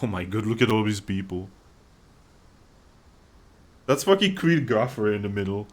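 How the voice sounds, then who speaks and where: A man's voice: on the low side, expressive, normal speed, pauses often. A man playing a video game, reading the narration aloud with casual, wry asides. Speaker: let's play gamer.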